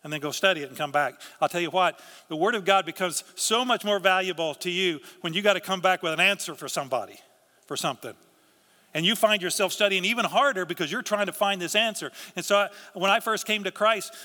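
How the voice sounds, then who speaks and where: Preaching quickly from the pulpit, a male pastor uses a bright, forceful voice a touch higher than most men's. His sermon is earnest and conversational with frequent restarts, and the long reverb of the large hall lingers around every word.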